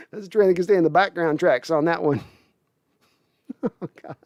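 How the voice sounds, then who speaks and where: A man's voice: a little high, normal speed, darkish tone, no room sound, dull audio. A man hosting a casual livestream, reading chat messages aloud, joking, swearing and laughing often. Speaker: podcast host reading live chat.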